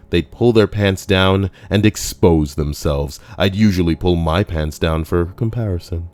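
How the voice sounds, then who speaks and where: A man's voice: low-pitched, darkish tone. A man reading forum stories aloud with comedic commentary, crude and profane, full of jokey asides. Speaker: YouTube narrator reading forum posts.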